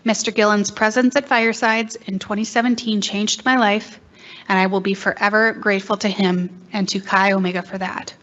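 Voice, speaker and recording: A woman reading a written introduction aloud at a conference, steady and careful. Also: medium pitch, moderate pace, dull audio. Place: conference hall.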